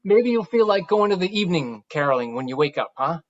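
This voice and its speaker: An actor playing a caregiver who gently coaxes an elderly woman, in a stage play. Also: medium pitch, very animated, brisk, muffled recording, natural voice. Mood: coaxing. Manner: coaxing, pleading.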